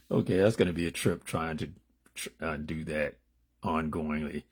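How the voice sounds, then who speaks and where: A man casually reading daily spiritual meditations aloud, unrehearsed, lifting his voice for the passages and dropping low and quiet for loose asides in between. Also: fairly even intonation, unhurried, slightly rough. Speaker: spiritual reader.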